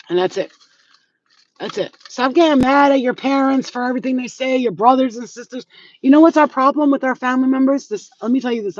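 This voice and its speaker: A woman's voice: a little high, no room sound. Blunt, profane middle-aged woman vlogging. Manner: blunt, profane, streetwise advice-giving. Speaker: spiritual healer vlogger. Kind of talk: casual monologue to viewers. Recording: dull lo-fi sound.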